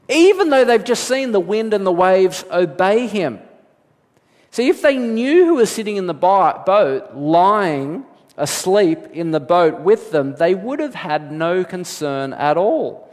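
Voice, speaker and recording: High-voiced preaching man in a reverberant hall. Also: measured pace. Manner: animated preaching, acting out quoted voices with big pitch jumps. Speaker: pastor. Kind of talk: sermon.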